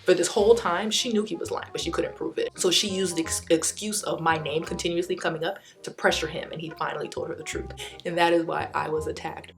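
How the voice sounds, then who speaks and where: Low-voiced woman telling a dramatic story. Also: vocal fry, soft background music. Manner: animated, quickly recounting a dramatic dispute. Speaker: storytime vlogger. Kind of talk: casual storytelling.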